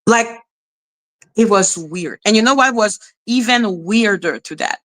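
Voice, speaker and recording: A woman's voice: mid-range voice, lively intonation, measured pace, a bit bright. A woman giving casual reaction commentary as a YouTuber, blunt and profane as she talks back at clips.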